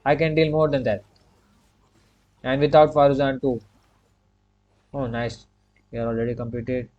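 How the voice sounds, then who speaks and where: In flat, mid-range tones at a moderate pace, a gaming streamer talks casually as he plays, coaching himself through each step. He repeats short commands and leans on "you can say" to fill the gaps, all through dull-sounding audio.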